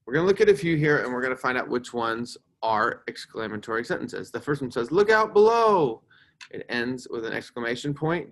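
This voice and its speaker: A male teacher giving a recorded grammar lesson to fourth graders, acting out example sentences with loud, excited emphasis. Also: medium pitch.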